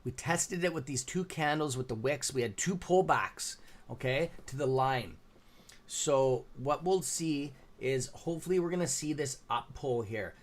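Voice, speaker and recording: Canadian male stream host, tired, rambling with ums and restarts, middle pitch. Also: expressive, measured pace. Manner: rambling, many fillers and restarts, reading chat names aloud. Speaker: livestream stock trading host. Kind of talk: casual live-stream commentary.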